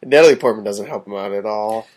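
A man co-hosting a casual film podcast, agreeable and quick to laugh. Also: fairly low pitch, a little mellow.

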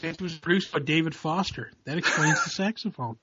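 A man hosting a casual movie review chat, animated and laughing often, swearing as he goes. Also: fairly high pitch, a little fast, slightly rough, no room sound. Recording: dull lo-fi audio.

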